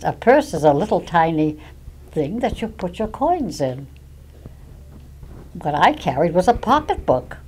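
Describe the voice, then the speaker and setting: An older woman from Massachusetts with a non-rhotic Massachusetts accent, telling personal anecdotes in an unhurried way with dry humor. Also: low voice, darkish tone, slight background noise, low-quality recording. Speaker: local resident sharing memories.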